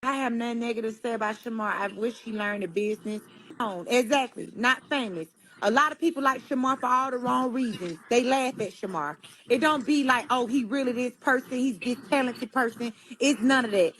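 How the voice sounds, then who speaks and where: High-pitched woman, blunt and candid, drives her points home with emphasis. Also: brisk, fairly bright tone. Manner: blunt, emphatic, rhetorical questions. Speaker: guest in a played clip. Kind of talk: candid interview talk.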